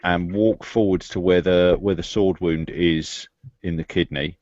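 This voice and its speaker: A man playing a tabletop game, describing his character's moves in a halting way and repeating words as he plans. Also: sits low, fairly even intonation, darkish tone, dry recording, muffled recording. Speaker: player.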